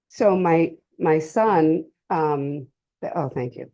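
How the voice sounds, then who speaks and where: A middle-aged woman speaks in a low, mellow voice, sharing a personal testimony with a live audience. Her delivery is emotional and halting, full of pauses and restarts. The talk was recorded at a community cultural center. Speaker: speaker sharing a family story at a drug-prevention session.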